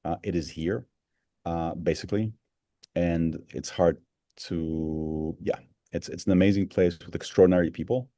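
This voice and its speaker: A man hosts a live online gathering over a video call, his voice low and warm in tone. He rambles, circles back and restarts his sentences. The sound is dry and close, with no room around it. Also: steady tone, moderate pace, no room sound. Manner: rambling, warm-hearted, many restarts and fillers. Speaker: host of an online town hall.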